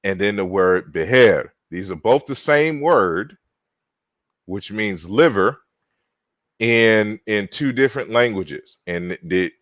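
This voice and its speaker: A man giving an online linguistics lecture, deliberate, spelling out words with frequent fillers and restarts. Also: on the low side, fairly bright tone, dry recording.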